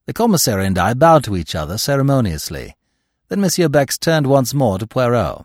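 Expressive male narrator for a classic story, low husky voice, very lively pitch, dry close sound. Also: normal speed, no room sound. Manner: expressive, voicing each character. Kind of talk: audiobook narration of a classic mystery.

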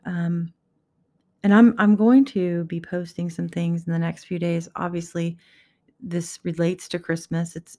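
A woman's voice: fairly low pitch, mellow. A woman giving an earnest, heartfelt personal faith talk to her viewers, encouraging them. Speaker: Christian vlogger.

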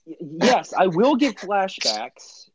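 A man's voice: high-pitched, sing-song, slow. A young man co-hosting a podcast in casual chat, throwing out absurd jokes and rambling tangents. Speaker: podcast co-host. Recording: dry, dull lo-fi mic.

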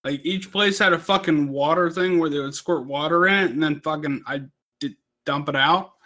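A drunk man tells a long, rambling story full of swearing and laughs at his own jokes along the way. His voice sits a bit high and comes out bright and cutting. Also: moderate pace. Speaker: podcast co-host.

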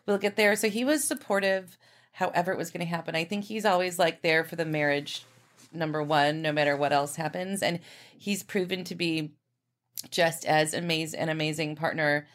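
Chatty, effusive woman, lowish voice. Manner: chatty and effusive, many fillers. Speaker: podcast guest. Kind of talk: casual chat.

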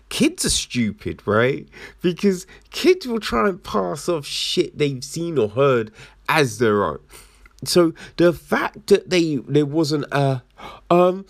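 A man giving casual commentary as a reviewer, swearing and acting out quoted lines in an animated way. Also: on the high side, slow, no echo, studio quality.

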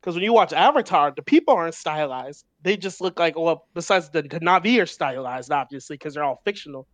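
A man's voice: a little high, expressive, brisk, fairly bright tone, no echo. A man co-hosting a casual film podcast, explaining his views thoughtfully and restarting phrases often. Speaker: podcast co-host.

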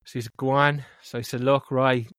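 A man's voice: medium pitch, fast talker, no echo. Cork man telling a story, dry mic. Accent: Cork Irish. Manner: animated anecdote with lots of filler "like, you know". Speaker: podcast co-host. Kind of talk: casual storytelling chat.

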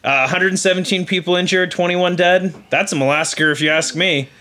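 Male podcast co-host, bright tone, playful joker. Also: high-pitched. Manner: playful, quick with jokes, laughs often. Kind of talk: casual chat.

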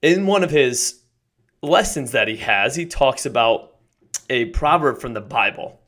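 A man hosting a podcast, giving an energetic, emphatic motivational talk that builds to excited shouts. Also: mid-range voice, unhurried. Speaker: podcast host.

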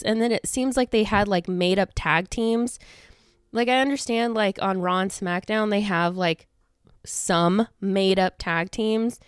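Her voice medium in pitch, clear and resonant, a young woman speaks a little slowly while hosting a casual podcast chat. She rambles, filling in with fillers and restarts, sounds a bit winded, and is right up on a studio microphone with no room sound.

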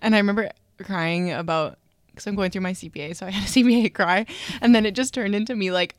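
A woman's voice: mid-range voice, fast, no echo, clean studio sound. A woman in her twenties chatting casually, telling funny stories with lots of laughs and acted-out quotes. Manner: giggly storyteller, acts out voices. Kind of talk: casual chat.

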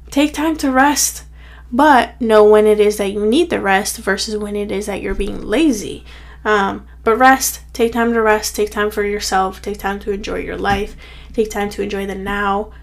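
A woman's voice: medium pitch, measured pace. A young woman hosting her own podcast, talking in a chatty, rambling way full of "like", a bit tired and out of breath. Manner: chatty, rambling, heavy filler "like". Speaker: podcast host. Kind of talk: casual solo podcast pep talk.

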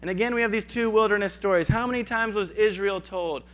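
A man's voice: high voice, quick pace, fairly bright tone. A man giving a conversational sermon, acting out biblical dialogue in casual asides. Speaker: preacher.

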